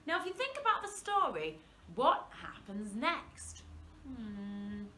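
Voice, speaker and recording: Lively, high-voiced woman teaching children. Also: echoey room, a little hiss or hum. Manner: animated, encouraging, drawn-out words. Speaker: primary school workshop presenter. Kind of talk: interactive singalong lesson for young children.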